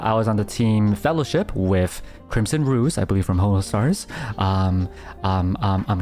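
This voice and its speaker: A young man streaming as a VTuber, telling stories in a casual chat with lots of fillers and bursts of excitement. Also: lowish voice. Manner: excitable storytelling, bursting into laughter, many fillers.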